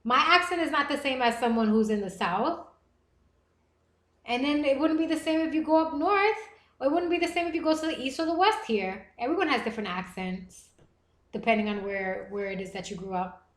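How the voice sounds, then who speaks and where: A young American woman hosting a livestream podcast, chatting casually with viewers in a playful, animated way. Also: sits high, fairly quick. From United States. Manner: animated and playful, with gasps and bursts of laughter. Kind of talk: casual livestream chat reading viewer comments. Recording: echoey room.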